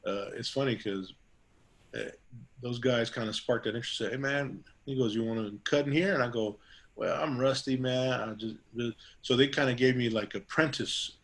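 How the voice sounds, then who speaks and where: A man's voice: medium pitch, moderate pace, a bit bright. A middle-aged man, a barber, telling stories in a casual interview, rambling with many fillers and restarts and acting out quoted dialogue. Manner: acts out quoted dialogue in a raised voice. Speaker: guest barber.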